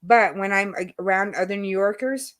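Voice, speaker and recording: A woman's voice: medium pitch, normal speed. A middle-aged woman from New York with a New York accent, hosting a casual chat over a video call and laughing often. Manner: chatty and animated, laughs often. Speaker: host.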